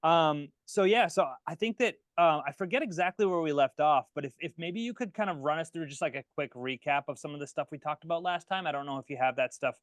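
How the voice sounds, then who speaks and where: A man's voice: a little high, fast, hardly any pauses, no echo. Man hosting a call, hesitant. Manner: hesitant, many fillers and restarts. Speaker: host. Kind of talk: casual video call chat. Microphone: video call.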